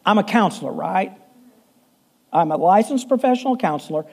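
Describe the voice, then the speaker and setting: Middle-aged male pastor, warm mellow tone, humorous storytelling sermon. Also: high-pitched, expressive, moderate pace. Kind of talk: conversational sermon. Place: church.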